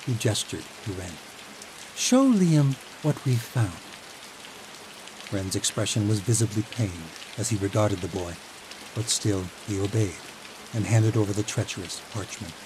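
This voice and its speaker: A man with a fairly low voice reads a fantasy audiobook calmly and evenly. Steady rain is clearly audible behind his narration. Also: normal speed, background noise.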